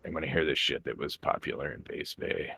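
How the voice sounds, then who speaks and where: A man playing a tabletop game, talking in a casual, deadpan way. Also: very deep voice, fairly quick, breathy edge, no room sound. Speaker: player. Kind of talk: in-character tabletop chat.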